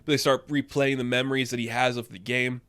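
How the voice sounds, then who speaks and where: A man giving a casual, rambling recap and review of a TV episode, with lots of fillers and excited asides. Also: medium pitch, quick pace, clean tone.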